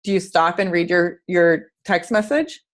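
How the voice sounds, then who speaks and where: A woman's voice: fairly low pitch, a little slow. A woman fitness coach giving an earnest, chatty motivational talk on a group video call, asking her listeners questions.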